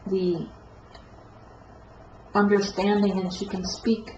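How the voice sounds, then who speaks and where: A woman giving a rambling tarot card reading, with a stuffed-up nose and a halting, self-correcting way of talking. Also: medium pitch, flat delivery, warm tone. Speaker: tarot reader. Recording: echoey room, dull lo-fi sound, faint noise.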